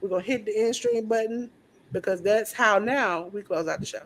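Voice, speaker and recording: A woman co-hosting a live-streamed wrestling podcast, signing off in a hyped, playful way that swings between loud and soft while she is losing her voice. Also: mid-range voice, normal speed. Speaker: podcast co-host.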